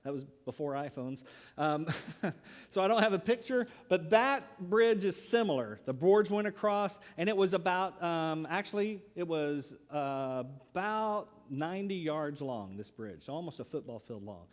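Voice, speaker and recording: Higher-voiced man preaching in a reverberant hall. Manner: lively storytelling with pauses. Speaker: pastor. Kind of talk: sermon with a personal story.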